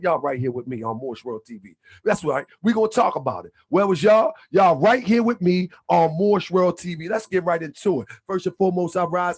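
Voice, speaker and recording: A man's voice: high-pitched, husky. A man hosting an online show, talking loosely and in slang to his viewers as family, live from his home computer setup. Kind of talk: casual livestream talk.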